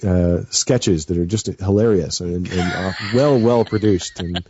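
A man's voice: deep voice, a little slow, highs cut off, noisy background. A man chatting as a guest on a radio show, nervous and rambling with many fillers and restarts. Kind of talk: casual chat.

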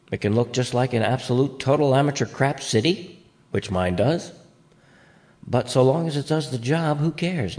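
A man's voice: mid-range voice, darkish tone. Chatty, rambling podcast host man. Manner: chatty, rambling, playful asides. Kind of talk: casual podcast chat.

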